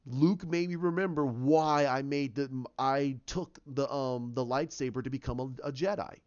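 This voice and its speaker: A man's voice: medium pitch, normal speed, a little mellow, clean tone, voice pushed down, natural voice. A man voicing a remorseful older male Jedi ghost in his own plain voice, speaking earnestly on a dull lo-fi recording.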